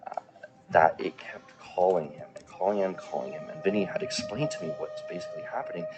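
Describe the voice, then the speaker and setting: A man's voice: low voice, very animated, a little fast, over music, poor audio. A man narrating a commentary video, emphatic and indignant, with occasional profanity. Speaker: commentary youtuber.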